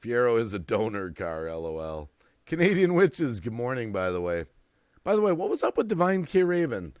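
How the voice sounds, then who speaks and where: A man's voice: medium pitch, moderate pace, no echo, clean studio sound. A middle-aged man hosting a late-night live stream, telling stories with frequent laughs and greeting viewers in the chat. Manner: lively storyteller, laughs often and greets the chat.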